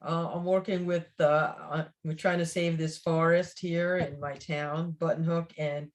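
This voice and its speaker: A woman's voice: deep voice, level tone, measured pace. A woman with a Brooklyn accent, co-hosting a casual chat, often laughing and chiming in to correct the story. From Brooklyn, New York. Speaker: co-host.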